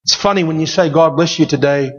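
A man's voice: on the high side, fast. A man preaching a sermon as pastor, emphatic and given to repeating key phrases. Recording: dull sound with long hall reverb.

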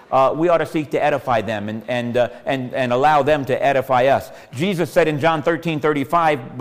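A man preaching a sermon as pastor in a church, folksy and repetitive, asking the congregation questions. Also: a little high. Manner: folksy, asks the congregation questions, repeats phrases. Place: church sanctuary. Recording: long hall reverb.

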